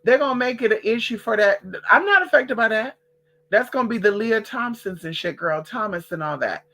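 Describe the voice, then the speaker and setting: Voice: medium pitch, lively intonation, brisk, pushed and bright. A vlogger ranting casually to the camera, sassy and profane, who calls listeners girl and honey and hammers phrases by repeating them.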